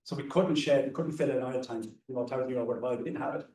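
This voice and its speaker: A man from Ireland, a conservationist on a discussion panel, tells anecdotal stories and frequently repeats words. He speaks quickly in a medium-pitched, dark-toned voice. The audio comes from a distant mic in a roomy hall or seminar room, with slight background noise.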